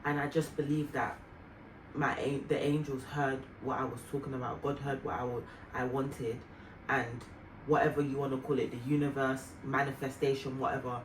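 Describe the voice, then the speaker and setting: Woman, family vlogger, earnest, reflective, soft fillers, echoey room, distant mic. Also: very deep voice, little pitch movement, moderate pace. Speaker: vlogger mother. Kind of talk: heartfelt personal storytelling. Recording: roomy, distant mic, faint noise.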